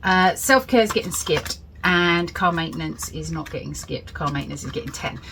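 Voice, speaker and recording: A woman's voice: deep voice, normal speed, creaky, background noise. A British woman hosting a casual budgeting vlog from home, chatting candidly and rambling. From United Kingdom. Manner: rambling and candid, with frequent fillers and laughs. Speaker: budgeting channel host.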